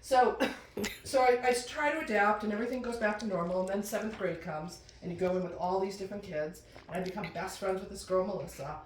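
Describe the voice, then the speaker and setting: A middle-aged woman doing stand-up storytelling in a chatty, animated way, jumping into high voices when she quotes people. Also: fast, hardly any pauses, a little hiss or hum. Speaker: comedian telling a personal story. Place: room with a live audience. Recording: roomy, distant mic with faint ambience.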